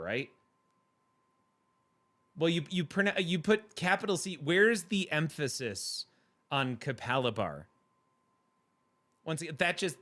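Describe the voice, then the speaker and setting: Male stream host, casual chatty banter, slightly higher-pitched voice, laughs easily. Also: a bit bright. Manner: chatty, playful, laughs often. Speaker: livestream host reading chat. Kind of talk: casual chat.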